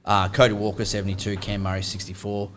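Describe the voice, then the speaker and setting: An Australian man co-hosting a podcast, teasing and relaxed, swearing casually. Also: on the low side, quick pace, slight background noise. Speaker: podcast co-host. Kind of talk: casual chat.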